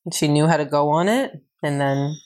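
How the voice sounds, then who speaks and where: A woman's voice: low voice, fairly quick, a little mellow. A woman co-hosting a podcast in casual chat, teasing her partner and pressing him with questions. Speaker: podcast co-host.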